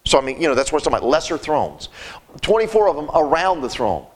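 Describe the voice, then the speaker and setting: High-voiced man preaching a folksy sermon. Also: very animated, fast talker. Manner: folksy, emphatic, repeats words.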